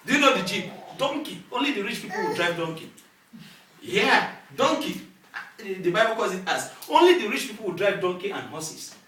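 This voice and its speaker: A male pastor preaching a sermon with lively call-and-response, recorded in a church hall from a distance. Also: sits high, normal speed. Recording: echoey hall, distant mic, faint noise.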